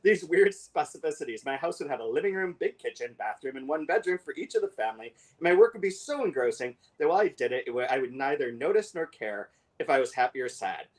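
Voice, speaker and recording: A man in casual book-club talk, his pitch sitting right in the middle for a man. He leans on fillers and restarts and speeds up when he reads passages aloud. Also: expressive, fast, hardly any pauses. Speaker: podcast co-host.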